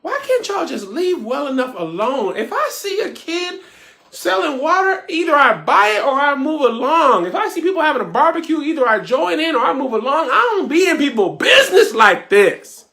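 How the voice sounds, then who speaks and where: Animated sarcastic woman ranting. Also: high-pitched, moderate pace. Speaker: viewer commentator. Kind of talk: comedic video rant.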